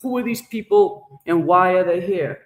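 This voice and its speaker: A fairly high-voiced man rambles and jokes through a casual livestream, answering his chat as he goes. His voice carries a big shower-like echo effect. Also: moderate pace. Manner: rambling, joking, talks back to chat. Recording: echoey reverb effect on voice.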